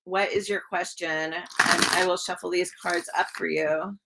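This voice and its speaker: A woman giving live-stream tarot readings in a chatty, gushing way, full of likes and ums and quick laughs. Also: on the low side, steady tone, creaky, background noise. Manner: chatty, warm to viewers, laughs often. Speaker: tarot reader.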